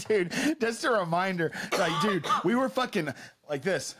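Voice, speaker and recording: A man's voice: sits high, animated, measured pace, a bit bright, slight background noise. A man co-hosting a podcast, rambling loosely and swearing through casual banter. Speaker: podcast co-host. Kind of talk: casual chat.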